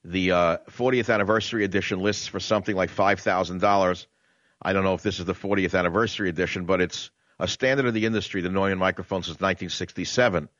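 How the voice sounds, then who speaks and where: A man's voice: low voice, fairly even intonation, fast, fairly bright tone, dry recording, dull audio. A man with a New York accent hosting a talk radio show, brash and conversational, drawing out words for emphasis in a studio. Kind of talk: opinionated talk radio monologue. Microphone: studio condenser microphone.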